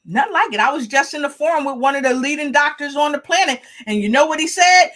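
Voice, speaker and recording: Female livestream host, animated and lively, bright tone, eager to rally her audience. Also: sits high, fast talker, hardly any pauses. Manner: animated, hypes the audience, chanting and call-outs. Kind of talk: livestream talk show hosting.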